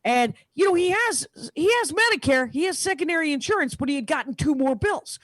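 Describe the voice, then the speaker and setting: Blunt retired salesman in his eighties, done by a woman comic, gruff and matter-of-fact, in a high, lively voice. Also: fairly quick, dry recording, studio quality. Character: blunt 83-year-old retired siding salesman father.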